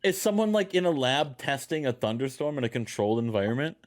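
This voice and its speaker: Male host, lively pitch, jokey casual commentary over a game. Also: fast talker. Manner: rambling, jokey storytelling. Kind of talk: casual let's-play commentary.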